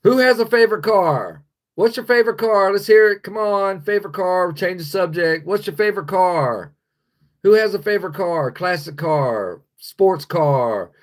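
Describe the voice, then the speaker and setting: A high, expressive voice at normal speed comes from an American livestream host. He rants angrily and profanely while reading his chat.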